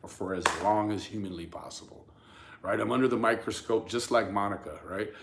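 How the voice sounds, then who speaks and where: A YouTube true crime commentator delivers a casual rant for his channel, speaking emphatically and addressing viewers and critics directly. His fairly low, gravelly voice moves fairly quickly with frequent stammers and repeated words, in a very noisy recording.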